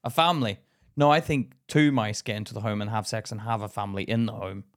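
A British man in easy podcast banter, quick to laugh and swear. He likes to act out silly little voices in the middle of a story. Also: lowish voice, steady tone. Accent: British English. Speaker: podcast co-host. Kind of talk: casual chat.

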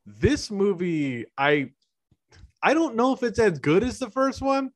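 Podcast co-host, man, a bit high voice, rambling casual movie chat. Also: big pitch swings, a little slow. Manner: rambling with frequent "like" and laughter.

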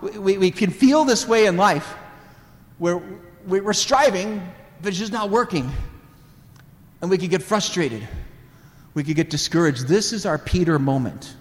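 A man delivers a sermon full of family anecdotes, laughing often as he tells them. His voice sits somewhat high and moves with wide, lively swings. Long reverb from a large hall follows every phrase. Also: moderate pace. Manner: animated, laughs often while telling family stories. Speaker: preacher. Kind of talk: sermon storytelling.

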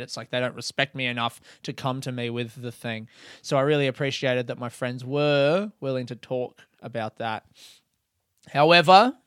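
A man talks through a solo podcast episode in a candid, reflective way, often poking fun at himself. His voice is smooth and clear, and his pitch sits in the middle range. The close microphone leaves almost no room sound. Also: no echo. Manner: candid, reflective, a little self-mocking. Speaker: comedian and podcast host. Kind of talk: casual solo podcast monologue.

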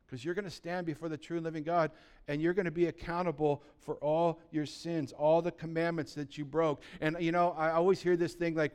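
A man delivers a sermon with blunt urgency and a string of rhetorical questions aimed at his listeners. His voice sits a little high and comes across smooth and resonant. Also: steady tone, fairly quick, darkish tone. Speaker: pastor.

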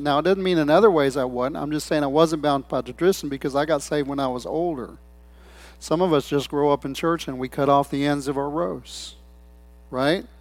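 A man's voice: on the high side, darkish tone, no room sound. A man preaching a sermon in a loose, conversational way, telling stories and quoting people in different voices. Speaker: pastor.

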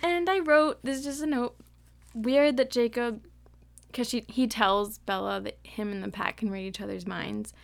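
A woman's voice: fairly high pitch, fairly even intonation, moderate pace, vocal fry. A young woman co-hosting a casual book-club podcast, chatty and giggly, reading passages aloud. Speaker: podcast co-host.

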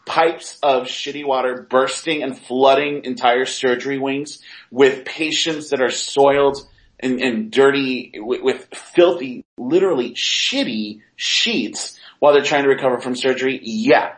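A man's voice: medium pitch, a little slow, poor audio. A man co-hosting a casual chat, reading comments and adding blunt, sarcastic remarks with swearing.

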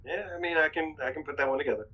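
A man's voice: a little high, racing. A man from North Carolina chatting casually, rambling with hesitant fillers. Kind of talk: casual chat. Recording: dull lo-fi sound.

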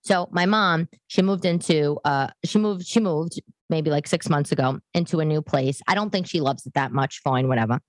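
Woman podcast host in her 40s, casual emphatic monologue, low-set voice, dry close sound. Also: normal speed, no echo. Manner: animated and emphatic, ranting with frequent restarts. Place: home living room.

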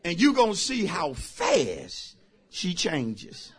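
A man preaching a sermon as pastor, emphatic and talking straight to his congregation, bursting into shouts. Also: high voice, huge pitch swings, takes it slowly, slightly rough. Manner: talks directly to the congregation.

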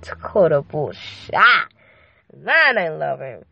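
A woman with a fairly low voice hosts a casual faith-based podcast, speaking unhurriedly. She chats and rambles, full of fillers and playful asides. She is recorded on a phone.

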